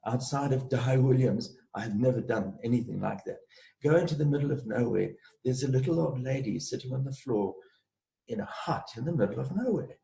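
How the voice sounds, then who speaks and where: Gravelly-voiced man telling a story. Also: medium pitch, fairly quick, mellow, roomy sound, poor audio. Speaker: guest, space clearer and healer. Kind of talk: storytelling in an interview.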